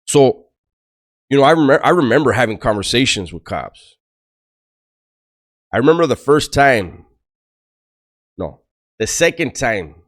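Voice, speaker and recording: Middle-aged man, low voice, swings up and down a lot; blunt, profane ex-con telling stories to camera. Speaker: former prisoner giving life advice. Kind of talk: casual storytelling to camera.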